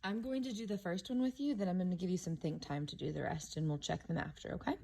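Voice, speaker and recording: Low husky woman teaching a class. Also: fast talker, mellow. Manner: step-by-step, modeling each step aloud. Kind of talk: classroom instruction on syllabication.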